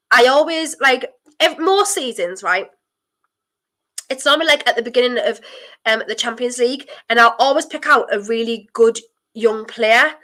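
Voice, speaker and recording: A young woman with a blocked nose, chatting nervously and excitedly through a live football watchalong and breaking into sudden exclamations. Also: a little high. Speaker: streamer hosting a football watchalong.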